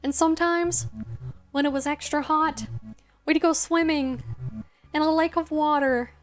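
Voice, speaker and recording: A woman voicing an excitable, friendly ghost dog who chatters sweetly. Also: sits high, unhurried, faint music behind. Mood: excited.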